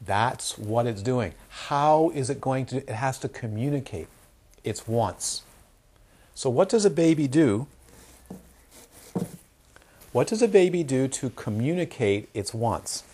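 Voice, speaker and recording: A man teaching Dharma to an audience, his husky voice swinging widely in pitch. He asks his listeners rhetorical questions and keeps the talk lively and conversational. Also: slow pace, pauses often. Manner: animated, asks rhetorical questions, acts out crying babies.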